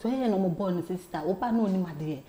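A Ghanaian woman in her thirties, a talk show guest telling a personal story in lively casual chat, often repeating words as she goes. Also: mid-range voice, racing. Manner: animated, repeats words, laughs while telling.

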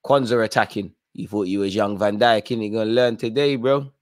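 A man hosting a live football watchalong, reacting loudly to the match with slangy banter and urging players on. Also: on the low side, brisk. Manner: excitable, shouts at players, slangy.

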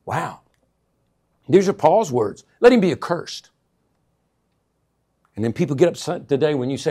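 Male pastor, higher-pitched voice, call-and-response sermon delivery with sudden loud emphasis. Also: big pitch swings, normal speed, long pauses, slightly rough. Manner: swings between hushed asides and loud emphatic bursts; call-and-response, repeats 'amen?' to the congregation.

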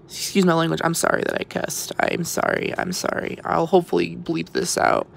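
Gravelly-voiced young rambling vlogger. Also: mid-range voice, completely flat delivery, brisk, hardly any pauses, background noise. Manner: rambling, stammering restarts, often drops to a whisper. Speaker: vlogger touring an exhibit. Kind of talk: casual walkthrough commentary.

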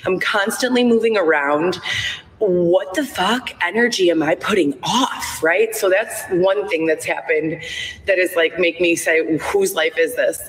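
At a measured pace, a woman in her thirties with a lowish voice livestreams from her phone, a little hiss or hum in the background. She rambles, often saying "like" and "um," with echoey, roomy playback.

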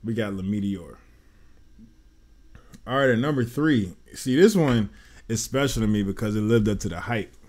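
A man's voice: on the low side, animated, normal speed, pauses often, darkish tone. American guy hyping up perfumes, loose and chatty, keeps saying y'all. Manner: enthusiastic, rambling, says "man" and "y'all" often. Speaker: fragrance reviewer. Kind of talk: casual review vlog.

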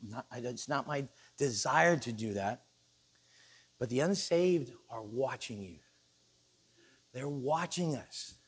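A male pastor preaching a sermon in a church, animated and joking, acting out the people he quotes. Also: mid-range voice, takes it slowly, long pauses, breathy edge.

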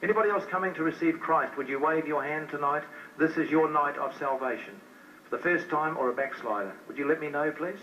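A man preaching as an evangelist at a church service, urgently pleading with people to come forward, then slowly and carefully leading a prayer. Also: a little high, pushed and bright, a little hiss or hum. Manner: pleading, urgent, repeats invitations; slow, measured phrasing when leading prayer. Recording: distant, dull live recording.

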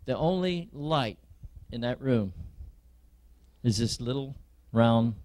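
A male preacher delivering a sermon as a dramatic, vivid story told to his listeners. He speaks very slowly, with long, weighty pauses. His voice sits at a medium pitch for a man. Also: animated, a little mellow.

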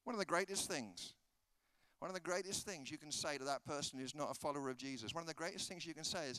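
A man's voice: fairly high pitch, fast, pushed and bright, no echo. A British man preaching a humorous sermon, telling stories and acting out the dialogue in comic voices. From Britain. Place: conference hall.

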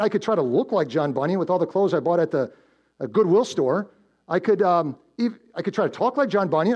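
A man preaching a sermon as pastor, swinging between loud emphatic build-ups and hushed low warnings, telling stories and posing questions to the congregation. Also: lively intonation, brisk, dull audio. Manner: storytelling with direct questions to the congregation. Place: church.

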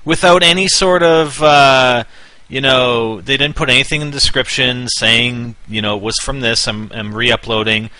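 A man hosting a gaming channel gives casual commentary in a medium-pitched, sharp voice at normal speed, with no echo. Rambling and hyper, he winds himself up into a half-joking mock rant.

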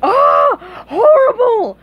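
A woman plays a dim, easily frightened starfish boy from a storybook, speaking high and simple and breaking into shrill shrieks. Faint noise sits behind the voice. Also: sing-song, dull audio, heavily acted. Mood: terrified. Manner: simple, slow, then shrieking.

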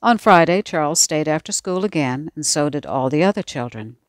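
A woman narrating a short story in an expressive, animated way. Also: sits low, brisk, dry recording, studio quality.

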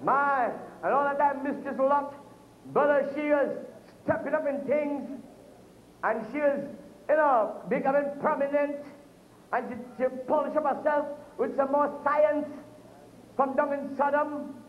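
Male preacher, high-pitched and fervent, full of amens; echoey, phone-thin church recording. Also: fairly even intonation, measured pace, phone-quality sound. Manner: fervent, punctuated with frequent amens. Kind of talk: sermon.

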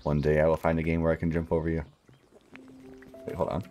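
A man's voice: a bass voice, monotone, fast talker, mellow, soft background music. A man giving wry, casual commentary while playing through a video game. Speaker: game streamer. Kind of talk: casual let's-play commentary.

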